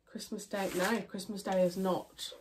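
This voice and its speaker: A woman's voice: medium pitch, little pitch movement, a little slow, background noise. Young woman, congested nasal voice, casual rambling Q&A chat, lots of fillers. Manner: chatty, rambling, with fillers and self-corrections. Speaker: YouTuber answering viewer questions.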